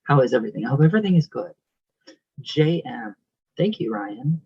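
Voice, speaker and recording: A man's voice: medium pitch, big pitch swings, a little fast, darkish tone, breathy edge, no echo, muffled recording. A young man hosting his channel, reading out viewer comments in a casual, affectionate, emotional way with frequent laughs.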